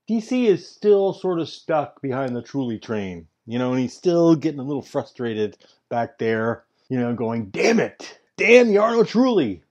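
A man co-hosting a racing podcast, teasing in a slow, wry way. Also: a little high, mellow. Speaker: podcast co-host. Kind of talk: casual banter. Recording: dull lo-fi audio.

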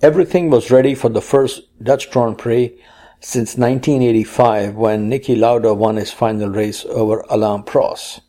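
Mellow-voiced man reading racing news. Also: medium pitch, fairly even intonation, normal speed. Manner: reads news items and quotes aloud, playful puns. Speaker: co-host. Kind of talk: casual news chat.

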